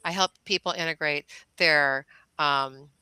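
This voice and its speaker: A middle-aged woman from the Detroit suburbs tells stories in casual conversation, her voice on the low side yet bright and forward. She acts out the other people's lines with lively swings and laughs often. The sound is close and dry. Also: a little slow, clean tone, no room sound, rough recording. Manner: animated, acts out quoted dialogue, laughs often. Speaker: guest, chiropractor and intuitive healer. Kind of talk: casual podcast storytelling.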